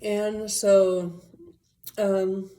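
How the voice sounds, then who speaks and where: Mellow-voiced woman telling a rambling story. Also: mid-range voice, flat delivery, very slow. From Las Vegas area, USA. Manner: rambling, profane, full of fillers. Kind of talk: casual personal storytelling.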